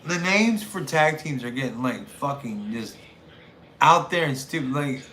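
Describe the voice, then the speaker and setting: A man's voice: mid-range voice, expressive, measured pace, pushed and bright. A man in his thirties hosting a call-in show, chatting casually in a profane, rambling way with lots of fillers. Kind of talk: casual chat. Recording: roomy room with faint noise.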